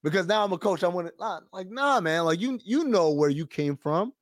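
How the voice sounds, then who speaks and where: A man's voice: high voice, fairly quick, no room sound, clean studio sound. A man on a podcast, telling a story in casual chat, cursing freely and acting out what others said. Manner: animated storytelling, profane, quotes others in voices. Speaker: podcast co-host.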